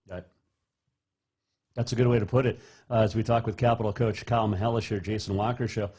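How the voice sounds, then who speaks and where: A man's voice: lowish voice, fairly even intonation, fairly quick, mellow, husky. A male radio host interviewing a coach with casual, chatty questions.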